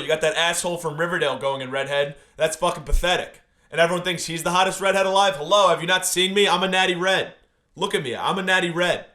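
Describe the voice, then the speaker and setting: Young male comic host, fairly high voice, mock-indignant rant delivery. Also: fairly bright tone. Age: 20s. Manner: mock-indignant, exaggerated complaining. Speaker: comedy podcast host. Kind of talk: comedic rant monologue.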